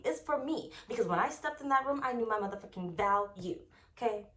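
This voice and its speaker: A woman's voice: on the high side, animated, fairly quick, fairly bright tone. A young adult woman giving a casual, rambling tarot reading, swearing often and talking with emphatic, fired-up force. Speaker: tarot reader.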